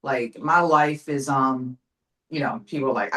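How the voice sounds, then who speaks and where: In an interview, a woman in her forties gives a casual motivational talk, determined and emphatic, sprinkled with casual fillers. Her low voice is lively in intonation, brisk and slightly bright. The recording is rough.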